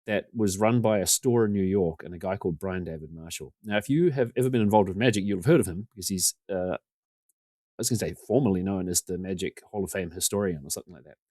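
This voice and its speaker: A man's voice: deep voice, quick pace, a little mellow, dry recording. A man, a podcast guest telling rambling, self-deprecating stories and acting out what people said. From New Zealand. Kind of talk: casual storytelling.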